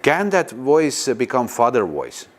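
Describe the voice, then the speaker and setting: Slow, halting man leading a meditation. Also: medium pitch. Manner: non-native English, halting phrasing with pauses; slow and lively, questions the audience. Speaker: spiritual teacher. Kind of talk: guided meditation talk.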